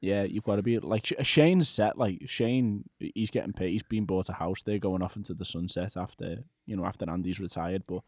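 A man's voice: deep voice, brisk, hardly any pauses, a little mellow, no room sound. Chatty man, dry close sound. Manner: rambling, laughs often, trails off. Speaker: podcast co-host. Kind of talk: casual chat.

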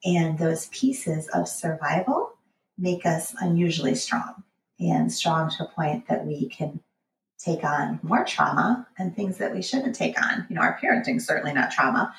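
A woman's voice: sits low, unhurried, creaky, reverberant, recorded from a distance, slight background noise, rough recording. A candid woman in her forties, a guest author telling personal stories in a conversational podcast interview. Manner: candid, storytelling, acts out quotes.

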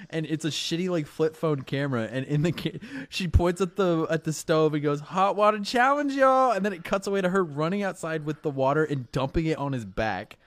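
A man's voice: on the high side, fairly quick, hardly any pauses. A young man in casual chat with friends, laughing a lot and swearing freely.

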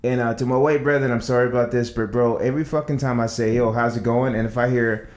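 A man's voice: medium pitch, quick pace, roomy sound. A man co-hosting a podcast, telling casual stories and acting out other people's lines. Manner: animated storyteller acting out quoted voices. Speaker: podcast co-host. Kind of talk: casual chat.

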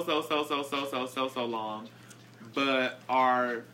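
A man's voice: medium pitch, fairly even intonation, unhurried, sharp tone, a little hiss or hum. A man hosting a podcast in casual chat, playful and teasing. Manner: playful and teasing, laughs often. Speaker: podcast host.

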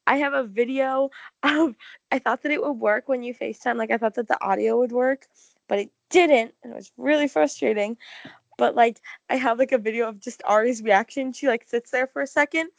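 A young woman co-hosting a casual chat, telling an excited, gushing story full of "like". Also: on the high side, a little fast, gravelly, dry recording. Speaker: podcast co-host.

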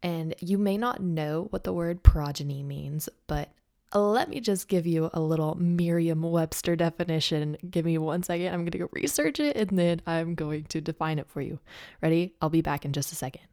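A young woman with a slightly raspy voice, hosting a casual faith podcast in a bubbly, chatty way. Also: low-pitched, moderate pace, dark tone. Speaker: podcast host.

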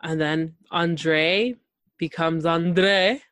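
A woman hosting a casual TV recap chat, animated and gushing, acting out quotes from the show. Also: on the low side, extremely slow, no echo. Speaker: podcast host.

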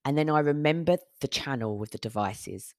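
A woman's voice: rumbling low, animated, normal speed, a little mellow, no echo, studio quality. Candid woman telling her story. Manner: candid, swears, retells conversations. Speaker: podcast host. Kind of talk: personal storytelling monologue.

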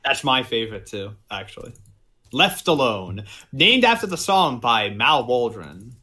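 A man hosting a casual podcast chat, talking in animated bursts and stumbling over his own restarts. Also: medium pitch, measured pace. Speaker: podcast host.

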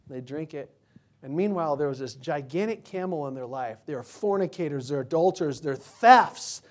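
A man's voice: a little high, expressive, moderate pace. A man preaching a sermon in a conversational, joking way, asking the congregation questions. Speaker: pastor.

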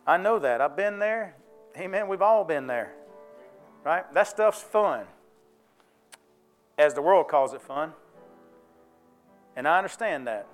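A man's voice: on the high side, expressive, takes it slowly, pauses often, soft background music. A man preaching a sermon to his church, folksy and conversational, often checking in with the congregation. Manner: folksy, conversational preaching with call-and-response questions. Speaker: pastor.

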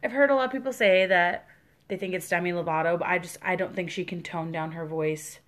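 A woman's voice: fairly low pitch, fairly even intonation, a little fast, a bit bright. A young Midwestern woman co-hosting a podcast, chatting casually and enthusiastically with plenty of fillers. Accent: Midwestern American. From American Midwest. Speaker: podcast co-host. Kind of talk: casual chat.

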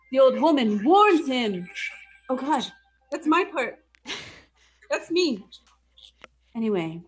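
A young woman casually retelling a movie plot for a comedy podcast. She swears a lot and keeps dropping into quick mock voices for the characters. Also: a little high, husky. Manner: profane, animated, does mock voices for the characters.

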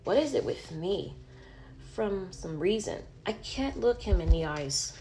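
A woman's voice: fairly low pitch, expressive, unhurried, mellow, slight background noise. A woman voicing a flustered, tired young female student who talks to herself. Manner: self-talking, flustered.

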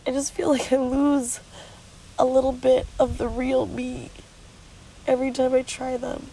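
A worn-out woman talks frankly to the camera while sitting at the beach, her voice crackling with gravelly fry. She sounds drained and tearful, with a stuffy nose, and her rambling talk is blunt and full of swearing. Soft outdoor ambience sits faintly behind her. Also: high voice, little pitch movement, a little slow. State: exhausted and sleep-deprived. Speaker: vlogger. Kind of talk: candid confessional vlog.

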